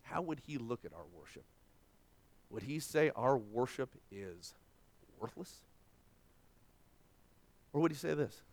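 A middle-aged man preaching a sermon as pastor, swinging between hushed lines and loud, dynamic delivery. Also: mid-range voice, sing-song, takes it slowly, pauses often.

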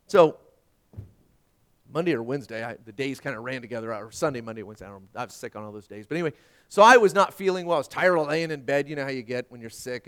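A middle-aged man preaching a sermon, telling a personal story and swinging from hushed tones to loud emphasis. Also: a little high. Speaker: pastor.

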